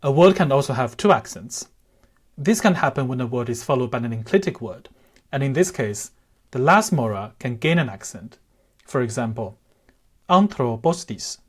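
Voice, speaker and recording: A man talks through a lesson in a measured, careful voice with a soft, breathy edge. His pitch sits in the middle range, and he stops now and then to sound out example words slowly. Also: expressive. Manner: measured, careful, demonstrates word pronunciations aloud. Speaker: language teacher. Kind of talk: explanatory lesson narration.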